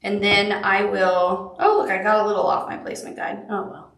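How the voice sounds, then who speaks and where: A woman's voice: medium pitch, little pitch movement, normal speed, vocal fry, fairly bright tone, roomy sound, recorded from a distance. A woman with a Southern accent leads a live quilting tutorial, chatty and upbeat, with cute little asides. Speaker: quilting instructor.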